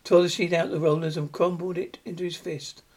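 A man reads a short story aloud in an unpolished way. His voice sits fairly high for a man, and he often trips over words and starts them again. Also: flat delivery, a little mellow. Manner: halting, with frequent stumbles and restarts. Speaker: reader. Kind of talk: amateur story reading.

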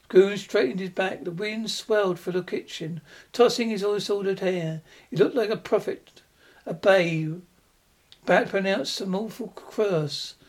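Male storyteller, high-pitched, dramatic reading. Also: measured pace. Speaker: narrator. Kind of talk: storytelling narration.

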